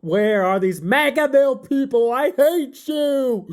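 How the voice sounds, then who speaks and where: A woman voicing a greedy, lonely man who yells and panics in a storytelling comedy. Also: medium pitch, very animated, measured pace. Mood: angry yelling. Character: grumpy lonely greedy man who hoards stolen things.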